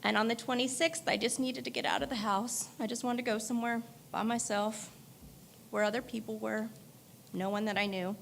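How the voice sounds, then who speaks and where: Tearful woman giving a high-voiced eulogy. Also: steady tone, fairly quick, creaky, fairly bright tone, a little hiss or hum. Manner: emotional, candid storytelling with laughter through tears. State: crying at times. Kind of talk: memorial eulogy. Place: church.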